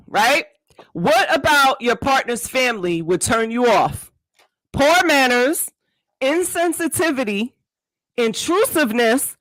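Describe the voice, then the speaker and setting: A woman's voice: high-pitched, fairly bright tone, dry recording, low-quality recording. A woman hosting a podcast, chatting casually in slang, laughing often and reading out multiple-choice questions to her guest. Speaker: podcast host. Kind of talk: casual interview chat.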